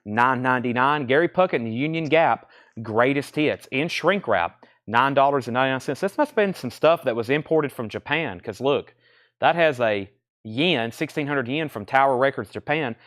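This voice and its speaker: Man, live sale host, brisk price-calling, mid-pitched voice. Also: lively intonation, a bit bright. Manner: brisk price-calling, thinks aloud while inspecting records. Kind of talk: live-stream record auction patter.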